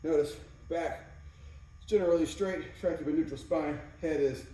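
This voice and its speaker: A man's voice: fairly high pitch, moderate pace, warm tone. A man giving casual workout instruction as a fitness coach, counting reps between exercise cues. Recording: very echoey room, mic far off, faint noise.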